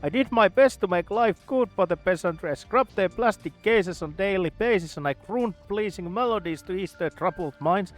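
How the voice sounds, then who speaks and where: Man voicing a high, loud, unhinged young scientist for a game read-aloud; grandiose ranting, lively pitch, faint music behind. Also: moderate pace, hardly any pauses. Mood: grieving, theatrical.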